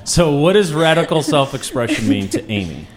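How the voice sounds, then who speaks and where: A man's voice: a little high, big pitch swings, moderate pace. A man hosting a radio show, interviewing a guest in a teasing, playful way. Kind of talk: casual interview.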